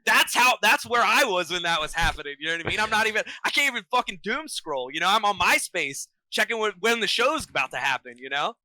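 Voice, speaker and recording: Excitable, bright-voiced man telling stories. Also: sits high, fast talker, hardly any pauses, dry recording, poor audio. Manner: profane, excitable, slangy storyteller. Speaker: podcast guest, vocalist. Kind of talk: casual storytelling chat.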